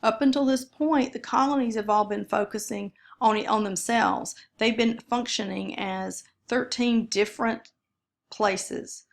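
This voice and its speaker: Creaky-voiced woman giving a casual history lecture. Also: fairly high pitch, steady tone, measured pace. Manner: conversational, with fillers and self-corrections. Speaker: history teacher.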